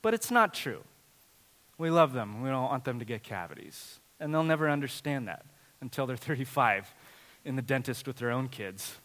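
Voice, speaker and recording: A man in his thirties preaching a sermon as a dad telling family stories, animated and swinging from loud to hushed. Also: medium pitch, moderate pace. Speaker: pastor. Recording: long hall reverb.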